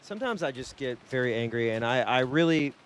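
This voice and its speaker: A man's voice: medium pitch, lively intonation, fairly quick, clear, resonant tone. A male streamer playing a game live, reading the narration aloud and reacting with exasperated swearing.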